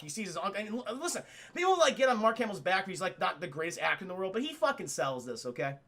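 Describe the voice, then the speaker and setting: A young male streamer retells a film to his chat, excited and profane, and keeps calling out to the viewers. His voice is high and bright with a steady gravelly fry. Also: brisk. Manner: animated, profane, addresses chat. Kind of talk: casual livestream movie retelling.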